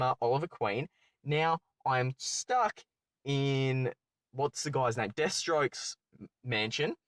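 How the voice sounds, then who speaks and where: A young man, telling a personal story as a channel host in a rambling, excitable way, correcting himself often. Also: a little high, dry recording. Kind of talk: storytime commentary.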